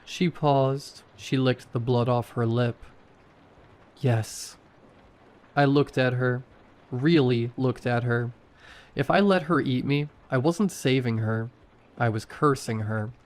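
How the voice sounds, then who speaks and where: A man reading a horror story aloud in a slow, measured way. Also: medium pitch. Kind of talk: scripted horror narration.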